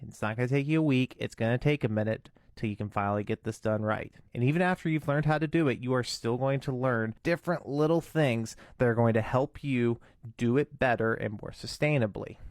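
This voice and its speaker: A man's voice: medium pitch, darkish tone, dry recording, studio quality. A man giving a casual step-by-step tutorial, earnest and cautious in how he explains. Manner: earnest, cautious, breaks into demo screams and whispers. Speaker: vocal tutorial maker.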